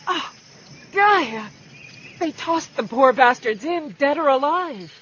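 A man's voice: very high voice, expressive, slow pace, fairly bright tone, dull audio, a little hiss or hum, voice pushed up, heavily acted. A male narrator voicing a tough, earthy woman companion. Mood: grim.

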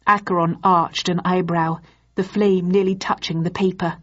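Low, husky woman narrating slowly. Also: level tone, fairly bright tone, no echo, lo-fi sound. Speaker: audiobook narrator. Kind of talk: scripted narration.

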